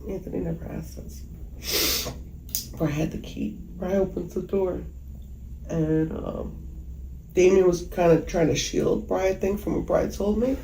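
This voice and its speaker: A woman giving emotional interview testimony as a mother, halting and hesitant with many pauses. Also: lowish voice, fairly even intonation, dark tone. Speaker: mother recounting a killing. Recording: echoey room with faint background noise.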